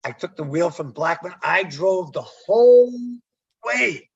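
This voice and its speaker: A man's voice: high voice, a little slow, vocal fry, breathy edge, dull audio. A man, a former umpire, telling stories in a podcast interview and acting out the dialogue. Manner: animated storyteller, acts out quoted dialogue.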